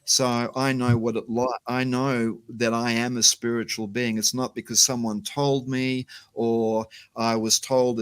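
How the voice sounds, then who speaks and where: A man's voice: mid-range voice, clean tone, no echo. A middle-aged man chatting casually as an interview guest, hesitant with many fillers. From Australia. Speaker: guest, company CEO.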